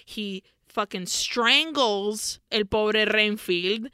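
A young woman co-hosting a podcast, casually recapping a movie scene by scene, animated and swearing freely. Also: mid-range voice, extremely slow, clean tone, dry recording, studio quality. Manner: animated, swears freely, acts out characters' lines. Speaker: podcast co-host.

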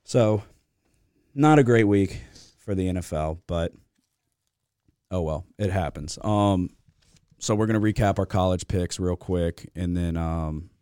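A man with a very low voice hosts a casual sports podcast. He talks in a loose, animated way and swears freely. The sound is dry and close. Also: measured pace, long pauses, smooth, dry recording. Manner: animated, profane, venting. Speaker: podcast host.

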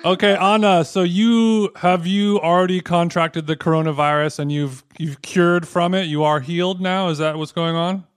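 A man's voice: sits high, fairly even intonation, normal speed, few pauses, smooth. A man co-hosting a podcast who teases the guest with dry jokes in casual chat. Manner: teasing, dry joking. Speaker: podcast co-host.

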